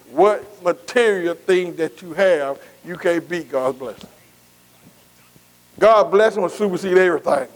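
A man's voice: high voice, low-quality recording. A man preaching a sermon, repeating phrases and calling out to the congregation. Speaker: pastor.

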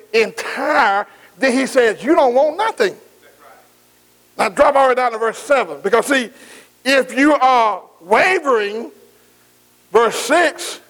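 A man's voice: very high voice, fairly bright tone, low-quality recording. A man. He keeps calling out to the congregation for an answer. He stretches out each scripture quote and mixes in folksy asides. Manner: call-and-response preaching, drawn-out scripture quotes, folksy asides. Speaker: pastor. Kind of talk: sermon.

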